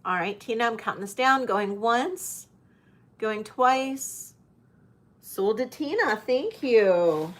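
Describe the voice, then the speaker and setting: A woman's voice: on the high side, lively intonation, slow pace, a bit bright. A woman selling jewelry in a live-stream auction, chatty and hesitant with many fillers. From United States.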